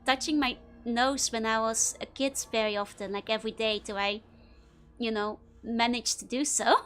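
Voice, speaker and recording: A young woman with a high, light voice, chatting with viewers while she plays a game. She laughs easily and talks loosely, full of "like" and "you know". Faint music plays behind her. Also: fairly even intonation, normal speed, a bit bright. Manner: giggly, answers chat questions, frequent laughter. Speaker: VTuber streamer. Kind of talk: casual gameplay chat with chat.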